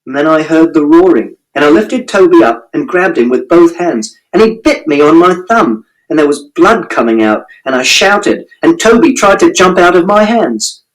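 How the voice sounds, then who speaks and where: Male audiobook narrator, matter-of-fact, literal first-person telling; animated, slightly high pitch. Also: moderate pace, few pauses, low-quality recording.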